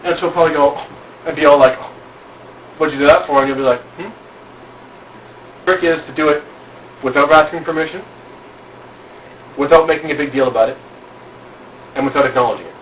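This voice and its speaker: A man with a slightly high voice talks fast, stopping often, as he boastfully and bluntly teaches a small group at an outdoor cookout, peppering it with rhetorical questions. The sound is a distant, dull, roomy amateur recording with a bit of hiss or hum.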